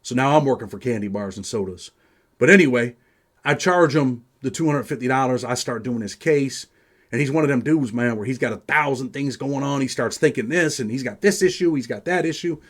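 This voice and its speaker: A man's voice: mid-range voice, a little fast. Streetwise New man telling stories. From New York. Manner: streetwise, profane, peppers speech with "man". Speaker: host. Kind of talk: casual first-person storytelling.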